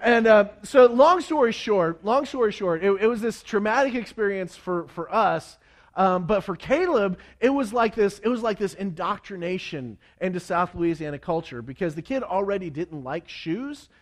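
Man, preacher, high voice, animated storytelling, frequent restarts, acted-out quotes. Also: moderate pace. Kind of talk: storytelling sermon to a congregation.

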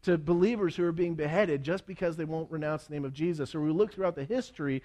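Speaking fast in a slightly high voice, a preacher tells his congregation a story with animation, acting out quotes and stumbling into frequent restarts.

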